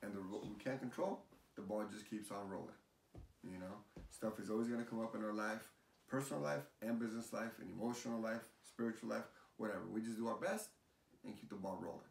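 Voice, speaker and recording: Low gravelly guy, chatty, kinda rambly, echoey room, mic a bit far off. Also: fast talker. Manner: animated, rambling, repeats phrases. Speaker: realtor guest. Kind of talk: casual chat. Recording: roomy, distant mic, faint hiss.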